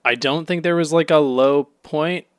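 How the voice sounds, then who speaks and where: A man co-hosting a casual podcast chat, excitable and laughing often, with frequent restarts. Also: on the high side, moderate pace, clean tone, dry recording, clean studio sound. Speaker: podcast co-host.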